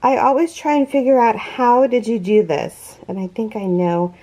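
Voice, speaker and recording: A woman's voice: fairly high pitch, lively intonation, moderate pace, dark tone. A woman hosting a crochet unboxing vlog, gushing and awed, gasping and close to tears. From California. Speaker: crochet channel host.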